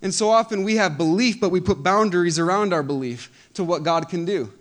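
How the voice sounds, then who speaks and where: A man preaching a sermon as pastor, impassioned and repeating phrases as he builds to loud emphatic peaks. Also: high-pitched, brisk.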